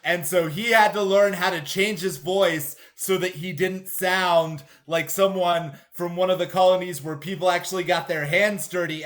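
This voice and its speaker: A man co-hosting a podcast in casual chat, rambling and animated and swearing freely. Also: high-pitched. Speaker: podcast co-host.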